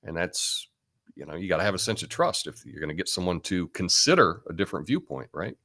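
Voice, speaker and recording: A man's voice: low-pitched, big pitch swings, a little fast, pushed and bright. A man hosting a live talk show in a casual, blunt monologue, tagging his points with "right?" and laughing at his own asides. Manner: chatty and blunt, tags lines with "right?". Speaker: host.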